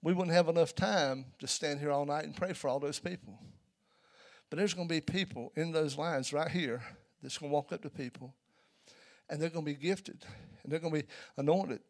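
A man preaching a sermon in a church, telling a story and building to loud, emphatic peaks. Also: a little high.

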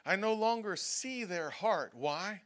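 A man's voice: high-pitched, animated, takes it slowly, a bit bright. A male pastor preaching a sermon in a church, talking conversationally, often checking in with "okay?" and acting out prayers and whining voices. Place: church sanctuary.

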